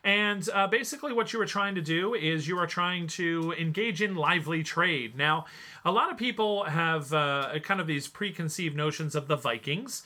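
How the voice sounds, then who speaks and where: A man's voice: a little high, normal speed, sharp tone. A man hosting a podcast, giving a casual, rambling spoken review with plenty of fillers. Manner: chatty, rambling, many fillers. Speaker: podcast host.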